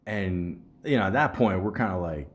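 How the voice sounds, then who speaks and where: Podcast guy rambling thru a story, swears a lot, kinda low voice. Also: expressive, fast. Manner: rambling and profane, full of "like" and "you know". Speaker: podcast host.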